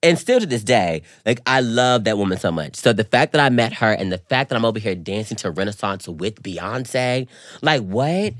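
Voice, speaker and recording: A man's voice: fairly low pitch, moderate pace, hardly any pauses, no room sound, clean studio sound. A young man co-hosting a podcast, animatedly telling a story, calling his listener "girl" and acting out quotes. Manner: animated, says "girl" constantly, acts out quotes. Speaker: podcast co-host. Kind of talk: casual storytelling chat.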